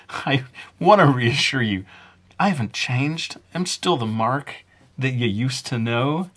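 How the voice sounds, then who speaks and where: A man's voice: mid-range voice, expressive, slow, a bit bright. A man narrating a casual drawing tutorial in a jokingly put-on Brooklyn accent, rambling and self-mocking as he draws. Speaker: drawing instructor.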